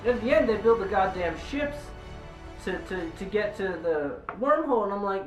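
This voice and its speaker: A woman reviewing a film in a casual vlog, excitable and rambling, with lots of fillers and restarts. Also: mid-range voice, moderate pace. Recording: echoey room, distant from mic, faint music.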